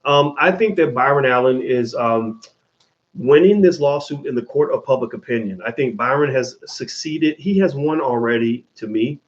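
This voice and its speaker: A man hosting his own show, answering viewer questions in an animated, casual monologue full of restarts and swearing. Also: medium pitch, moderate pace. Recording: dull lo-fi sound.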